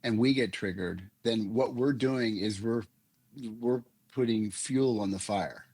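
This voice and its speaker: A man's voice: on the low side, measured pace, darkish tone, husky. An older man talking earnestly as a guest coach in an interview, explaining ideas through analogies. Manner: earnest, uses images and analogies. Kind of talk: reflective interview talk.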